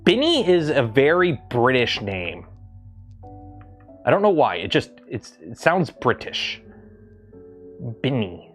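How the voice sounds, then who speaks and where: A man's voice: mid-range voice, big pitch swings, takes it slowly, long pauses, faint music behind. A man from Canada hosting a livestream, talking casually and rambling with lots of ums and restarts. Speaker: livestream host.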